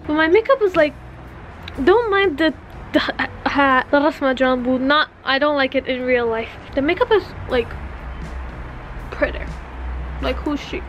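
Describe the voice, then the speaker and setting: A young woman chatting excitedly and breathlessly on a handheld phone camera in a casual vlog, now and then slipping into Arabic phrases. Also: high voice, slight background noise. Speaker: vlogger.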